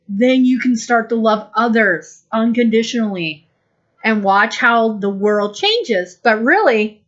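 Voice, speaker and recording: Slow-spoken woman channeling spiritual guidance. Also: fairly high pitch. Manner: slow, gentle and deliberate, acting out little quoted exchanges. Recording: dull lo-fi recording.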